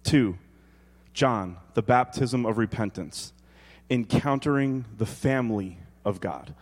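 A man in his thirties preaching a sermon, animated and joking, dropping to quiet emphasis and rising to loud exclaims. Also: mid-range voice, takes it slowly. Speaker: pastor. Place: church hall. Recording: long hall reverb.

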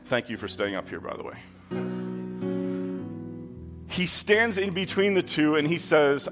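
A man's voice: a little high, very animated, brisk, music in the background. A man preaching a sermon in a conversational style, with emphatic asides to the congregation. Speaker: pastor. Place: church with kids in the room.

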